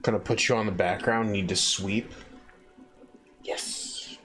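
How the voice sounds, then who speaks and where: A man's voice: fairly low pitch, fairly even intonation, fairly quick, fairly bright tone, faint music behind. A man streaming a game, chatting casually with viewers and reading the game text aloud in a playful way. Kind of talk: casual gameplay commentary.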